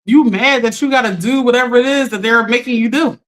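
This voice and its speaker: A woman with a somewhat high voice hosts a casual coaching livestream from her phone. She talks straight to her viewers in a chatty, direct way and keeps checking in with them. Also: brisk. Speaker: life coach hosting a livestream.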